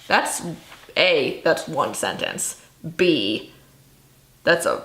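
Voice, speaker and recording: A woman's voice: on the low side, big pitch swings, moderate pace, a bit bright. A young woman from Illinois chatting casually about books she dislikes, sarcastic and exasperated, with laughing asides. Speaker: book vlogger. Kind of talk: casual chat. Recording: echoey room.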